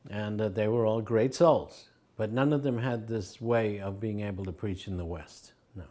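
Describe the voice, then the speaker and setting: A man's voice: fairly low pitch, normal speed, mellow. An older man recalling his teacher in an interview, telling anecdotes and acting out the quoted voices with a chuckle.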